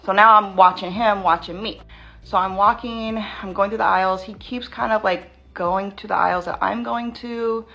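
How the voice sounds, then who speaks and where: A woman's voice: medium pitch, steady tone, creaky, a bit bright, muffled recording. Shaken woman telling a scary story. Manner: tense, rushed retelling full of "like". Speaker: vlogger. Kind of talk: storytime vlog.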